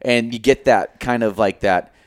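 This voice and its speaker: A man hosting a casual chat, laid-back and hesitant, often pausing to restart his sentences. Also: medium pitch, clear, resonant tone, no echo, clean studio sound.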